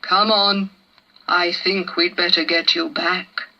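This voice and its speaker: A woman voicing a huge, gentle male brontosaurus in a children's storybook, slow and fatherly. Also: on the low side, level tone, vocal fry, heavily acted, low-quality recording. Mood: kindly. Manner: slow, warm-hearted, fatherly. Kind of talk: storybook reading.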